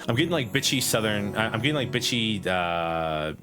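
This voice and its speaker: A man's voice: on the low side, lively intonation, moderate pace, music in the background. A man, casually rambling and laughing while streaming a game. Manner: giggly, rambling, self-deprecating.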